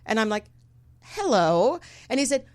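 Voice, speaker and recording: A woman hosting a podcast in a casual chat, talking with a slightly gravelly voice, laughing easily and poking fun at herself. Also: mid-range voice, animated, normal speed, a bit bright. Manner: chatty, laughing, self-deprecating. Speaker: podcast host.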